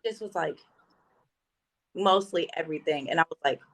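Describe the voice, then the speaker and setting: A woman's voice: deep voice, normal speed, gravelly, low-quality recording. A woman in her thirties telling spiritual stories in casual podcast chat, acting out quoted dialogue. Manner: animated, acts out quoted dialogue. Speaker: podcast guest.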